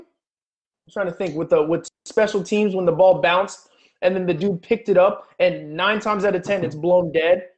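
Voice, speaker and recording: High-voiced man arguing football calls. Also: darkish tone, dull audio. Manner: argumentative, emphatic, profane. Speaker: podcast co-host. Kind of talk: heated casual sports debate.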